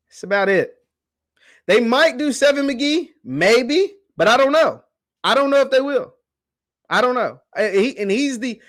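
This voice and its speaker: A man with a high voice hosts a casual sports talk show. He speaks emphatically and repeats phrases to drive his points home. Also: a bit bright.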